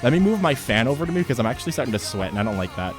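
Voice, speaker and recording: A young man chatting with his livestream chat, excitable, swearing freely and repeating himself at home. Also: mid-range voice, very fast, faint music behind. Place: home streaming setup.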